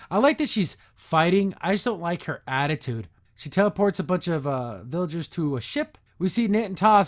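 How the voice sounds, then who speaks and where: A man hosting a podcast, recapping and reacting to a cartoon episode in a sarcastic, exasperated rant. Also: on the high side.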